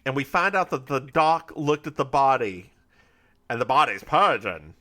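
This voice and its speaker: Man from North Carolina co-hosting a chatty recap podcast; bright, lively voice. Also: medium pitch. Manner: animated storytelling with quick put-on character voices. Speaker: podcast co-host recapping a TV episode. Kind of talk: casual chat.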